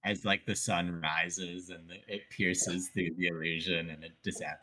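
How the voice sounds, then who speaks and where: A man with a very deep voice chips in with wry remarks during a tabletop game. A faint hiss sits under his voice. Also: level tone, normal speed, bright, forceful tone. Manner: wry, chiming in. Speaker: player. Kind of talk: casual tabletop play.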